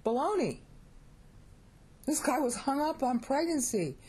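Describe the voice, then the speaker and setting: A middle-aged American woman gives a casual video lesson on Bible Greek, chatty and animated at a moderate pace. Her low, husky voice is warm and mellow but jumps up whenever something excites her. She repeatedly asks viewers "okay?" and teases her own pronunciation.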